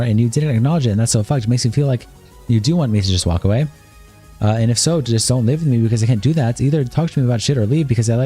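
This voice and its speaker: Rapid-fire husky male streamer. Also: mid-range voice, dark tone. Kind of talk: reading out a long text argument on a livestream.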